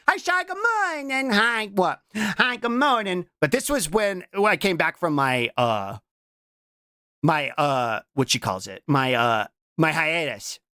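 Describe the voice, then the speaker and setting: Young adult streamer, casual reaction chat, pitch leaping all over, dry close sound. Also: no echo. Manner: animated, breaks into playful shouts and squeals; keeps repeating a questioning "what?" between remarks. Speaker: VTuber streamer.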